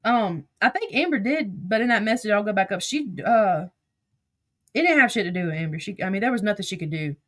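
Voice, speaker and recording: On her livestream, a Southern-accented woman talks fairly quickly and expressively at a medium pitch. She swears liberally while telling casual stories and reading out texts.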